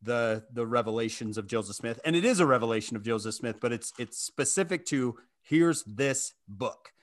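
A man's voice: mid-range voice, animated, moderate pace. A man hosting a podcast, a scripture teacher who tells stories and acts out quoted lines. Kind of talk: podcast conversation.

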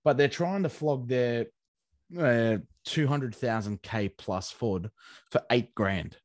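A man's voice: mid-range voice, slow, a little mellow, no room sound, clean studio sound. A man, co-hosting a casual podcast chat with crude, rambling, sweary banter. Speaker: podcast co-host.

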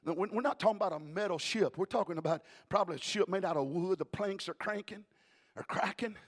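A male pastor preaching a sermon in a rhythmic cadence, adding "uh" after each phrase and swinging between shouting and hushed tones. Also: high voice, fast talker.

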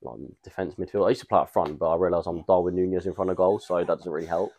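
A man's voice: low voice, steady tone, very fast, warm tone, no room sound. A young man, co-hosting a podcast and telling rambling stories full of slang. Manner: rambling storytelling with fillers and slang. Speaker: podcast co-host. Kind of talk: casual chat.

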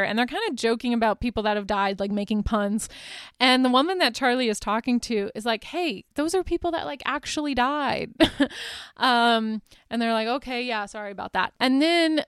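A woman's voice: on the high side, clean tone, no room sound, clean studio sound. A woman hosting a podcast, casually recapping a film in a chatty way, with frequent ums and likes and light laughter. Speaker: podcast host.

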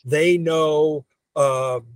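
Older man, animated storyteller. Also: on the high side, very slow, smooth, no room sound. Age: 70s. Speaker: veteran optician guest. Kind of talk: casual podcast conversation.

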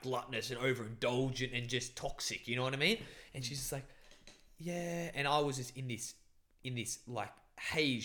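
Young guy, casual podcast-style chat, rambling and sweary, filler-heavy storytelling, medium-pitched voice. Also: bright, forceful tone. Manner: rambling, profane, lots of fillers. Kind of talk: casual chat, recounting a dream.

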